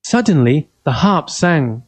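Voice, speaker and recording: A man reading a children's fairy tale aloud in simple, even, carefully spoken sentences. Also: a little high, slow pace. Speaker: storyteller.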